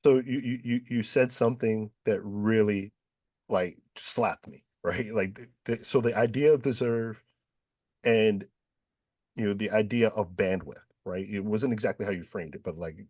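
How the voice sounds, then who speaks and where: A man's voice: lowish voice, moderate pace, a little mellow, dry recording. Guy from new york hosting a panel, storytelling, acts out the voices, dry sound. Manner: storytelling, acts out quoted dialogue, frequent "right?". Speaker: panel host. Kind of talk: panel discussion.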